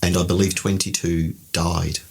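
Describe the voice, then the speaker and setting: A man co-hosting a podcast, telling a travel story in casual chat, animated and prone to digressions. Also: low-pitched, moderate pace, vocal fry, slightly rough, soft background music. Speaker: podcast co-host.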